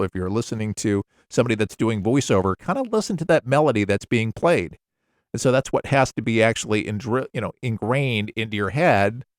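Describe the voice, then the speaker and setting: Male voiceover coach, mid-pitched, casual explainer, dry close recording. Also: no room sound. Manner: relaxed, conversational, explains with examples. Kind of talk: casual instructional talk.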